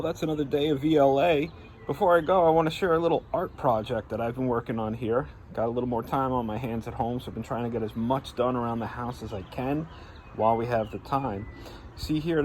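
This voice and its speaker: A first grade teacher giving a remote phonics lesson from home, speaking slowly and clearly, sounding out letters and asking playful either-or questions. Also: male voice, mid-range voice, a little mellow, slight background noise.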